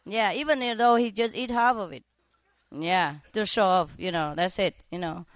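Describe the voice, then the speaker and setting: Casual storyteller, a woman of middle pitch, chatty, laughs often, dry close sound. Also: normal speed, no room sound. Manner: chatty, laughs often, acts out her pets. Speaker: bird owner.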